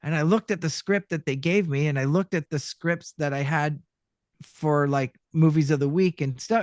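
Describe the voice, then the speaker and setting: A man's voice: a little high, fairly quick, dry recording, clean studio sound. A middle-aged man from Canada, a voice actor telling stories in a casual interview and acting out the voices and lines he quotes. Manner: animated storyteller who acts out voices and quotes. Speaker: guest voice actor.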